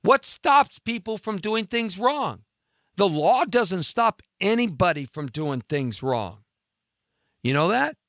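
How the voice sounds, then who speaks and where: A man's voice: high-pitched, very animated, takes it slowly, a bit bright, no room sound, studio quality. A man hosting a talk show, ranting in an indignant monologue full of rhetorical questions, his throat congested.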